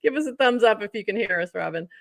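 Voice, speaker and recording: A woman co-hosting a casual livestream, upbeat and quick to laugh as she runs through the news. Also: mid-range voice, expressive, vocal fry, dry recording, clean studio sound. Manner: upbeat, laughs often, reads news items. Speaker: co-host.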